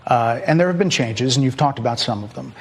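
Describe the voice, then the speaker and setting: A man's voice: medium pitch, expressive, brisk, slightly rough. A man asking pointed follow-up questions in a broadcast interview. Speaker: news interviewer.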